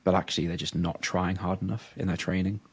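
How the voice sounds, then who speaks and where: A man's voice: low-pitched, steady tone, quick pace, breathy edge. A young man co-hosting a casual podcast chat, telling stories with lots of fillers and laughs. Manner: chatty storytelling, frequent "like" fillers and laughs. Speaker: podcast co-host, powerlifter.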